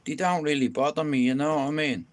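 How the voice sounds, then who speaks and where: A man's voice: on the high side, fairly even intonation, quick pace. A young man, telling a rambling story to viewers on a live stream, swearing freely and saying "you know what I mean" again and again. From Ireland.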